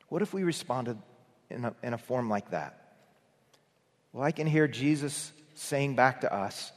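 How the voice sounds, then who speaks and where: A man preaching a morning sermon, earnest in tone, who builds up to emphatic peaks and then drops to a near hush. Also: mid-range voice, expressive, a little slow, long pauses, big-room sound. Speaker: pastor.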